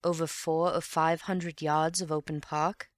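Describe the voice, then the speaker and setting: A woman reading an audiobook and voicing a calm, wry gentleman amateur detective who reasons in an unhurried, teasing way. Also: low-pitched, no echo. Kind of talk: audiobook character voice.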